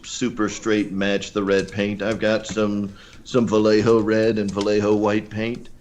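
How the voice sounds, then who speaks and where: A man appearing as a guest on a casual livestream, speaking in a relaxed, matter-of-fact way as he talks through a repair plan. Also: lowish voice, measured pace, slight background noise. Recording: dull lo-fi remote line.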